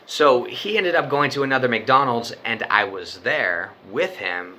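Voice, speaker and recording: A man's voice: medium pitch, animated, a little slow, pushed and bright, a little hiss or hum. A young man telling a story from his own life in a loose, rambling way, swearing often and filling his talk with "like" and "you know.". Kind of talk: casual spoken storytelling.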